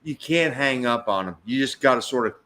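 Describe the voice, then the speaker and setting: A man's voice: mid-range voice, animated, brisk, sharp tone. A man from the United States chatting casually on a live stream, reflective, with frequent stammering restarts. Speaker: co-host of a travel live stream.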